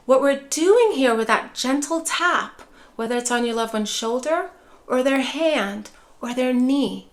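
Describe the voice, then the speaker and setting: Soft-spoken female care educator, middle-aged, slightly high voice, gentle teaching tone. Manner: soft, soothing, repeats "care partners", drops to a gentle hush for example phrases. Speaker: neuropsychologist and dementia care educator. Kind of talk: instructional video talk.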